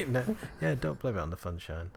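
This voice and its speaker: A man's voice: medium pitch, wildly swooping pitch, moderate pace, creaky, crowd noise. A man with a Yorkshire accent hosting a casual, enthusiastic chat and laughing often. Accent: Yorkshire English. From Yorkshire, England. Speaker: podcast host.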